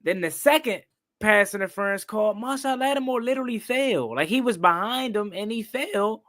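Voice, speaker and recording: A young man hosting a live-stream football recap, excitable and repetitive, ranting and questioning the calls. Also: high voice, normal speed. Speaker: sports talk host.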